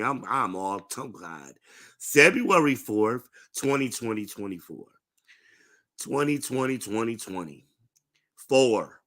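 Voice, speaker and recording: Podcast host, man, middle-aged; slow, lecturing delivery, bright tone. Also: lowish voice. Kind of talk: live-streamed podcast monologue.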